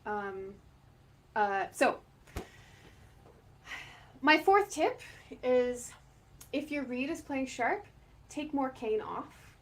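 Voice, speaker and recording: A woman's voice: sits high, expressive, drawn-out words, long pauses. A middle-aged woman oboe teacher giving a chatty instructional talk, often correcting herself and laughing.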